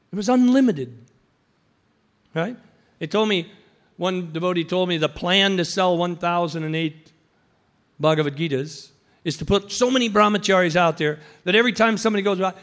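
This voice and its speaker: A high-voiced man preaching to listeners in a storytelling way. He breaks into the voices of the people in his stories and then drops back into a calm teaching tone. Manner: storytelling, acts out quoted voices. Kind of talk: anecdotal sermon.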